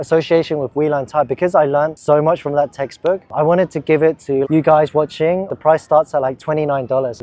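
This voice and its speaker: A man's voice: fairly high pitch, dark tone. A chatty young man from England, talking casually in a vlog outdoors in a park, full of fillers. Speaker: vlogger.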